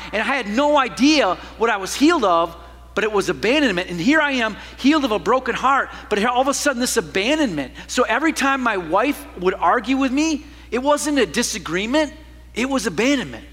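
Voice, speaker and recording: A man preaching a sermon as a pastor, telling a personal story with animated swings from loud to hushed. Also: extremely high pitch, long reverb tail.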